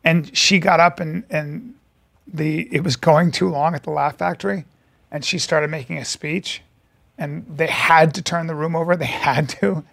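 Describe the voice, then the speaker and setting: Gravelly high-voiced man telling stories. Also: steady tone, moderate pace, a bit bright, no room sound. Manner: profane storyteller, acts out quoted voices. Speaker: podcast co-host. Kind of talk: casual chat.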